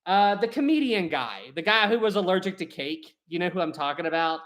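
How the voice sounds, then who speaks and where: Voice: mid-range voice, lively intonation, brisk, fairly bright tone. A livestream host chatting casually, reading chat aloud, laughing often and trailing off while hunting for words. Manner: hesitant, lots of fillers while searching for words. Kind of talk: casual live stream chat.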